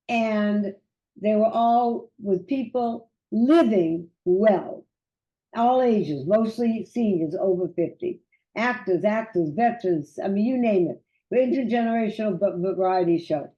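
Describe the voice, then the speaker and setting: An older woman and great-grandmother chatting as a guest, a lively storyteller who repeats words as she goes. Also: a little high, reverberant. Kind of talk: casual chat. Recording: dull lo-fi sound.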